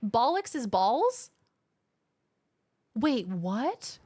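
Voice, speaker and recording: A woman with a high, bouncing voice comments on a game she is streaming from home. She jokes, exclaims and chats with viewers on a desk microphone. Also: moderate pace. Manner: animated, jokey, exclaiming at the screen.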